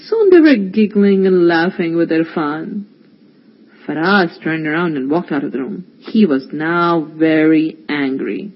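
A storyteller narrates a children's story in an expressive, lively way. The voice is slightly husky, and the lo-fi recording leaves it dull and muffled. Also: medium pitch, measured pace.

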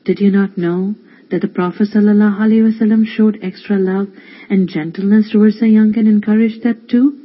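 A storyteller voicing Ammi, a mother who gently advises her son in a storybook reading. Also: medium pitch, brisk, lo-fi sound, close to an everyday voice. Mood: gentle. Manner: calm, gentle advice.

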